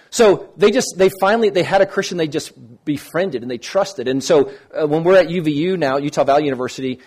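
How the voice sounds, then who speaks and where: A man's voice: mid-range voice, darkish tone, husky. A man giving an informal teaching talk on Christian apologetics, speaking conversationally and acting out quoted dialogue. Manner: conversational, restarts often, acts out quoted dialogue.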